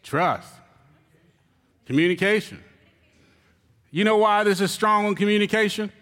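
A man, a church elder, giving a joking, animated sermon on marriage to his congregation. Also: high voice, measured pace. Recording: reverberant hall.

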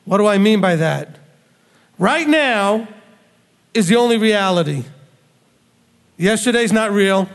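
A man's voice: sits high, expressive, slow, long pauses. A man preaching a sermon, bluntly scolding his listeners with rhetorical questions. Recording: long hall reverb.

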